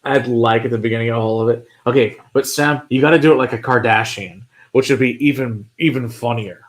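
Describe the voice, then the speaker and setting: A man's voice: medium pitch, fairly even intonation, a little fast. Laid-back Texan man, casual whiskey chat. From Texas. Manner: laid-back, joking, swears freely. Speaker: whiskey show co-host.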